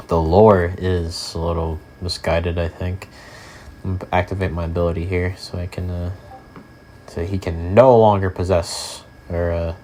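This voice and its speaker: Deep-voiced young man rambling over gameplay. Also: a little mellow, slight background noise. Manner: rambling, filler-heavy, swears casually. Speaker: gaming channel host. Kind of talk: casual gameplay commentary.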